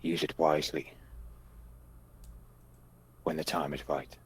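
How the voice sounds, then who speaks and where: Slow, deep-voiced man game master. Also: level tone, slightly rough. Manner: halting, many restarts, casual swearing. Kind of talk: narrating a tabletop game.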